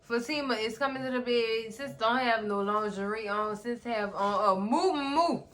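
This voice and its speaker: Sassy, lively woman recapping TV. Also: on the high side, normal speed. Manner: animated, sassy, talks straight to the characters. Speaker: recap vlogger. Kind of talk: casual TV recap commentary.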